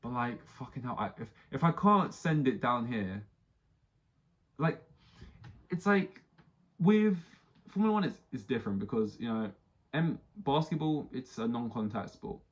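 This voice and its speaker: A man's voice: mid-range voice, big pitch swings, unhurried, breathy edge, dull audio. A man hosting a podcast, ranting casually with lots of swearing and rambling restarts. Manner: rambling, heavy swearing, exasperated. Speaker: podcast host. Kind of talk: casual solo podcast rant.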